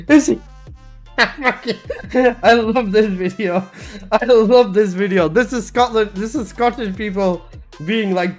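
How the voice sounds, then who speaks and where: A game streamer reacting to a video in casual, giggly chat, swearing now and then. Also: mid-range voice.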